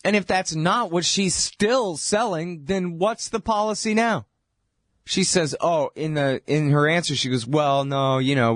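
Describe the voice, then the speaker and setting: A man's voice: mid-range voice, dry recording, studio quality. A man hosting a radio show, delivering sarcastic, mocking political commentary.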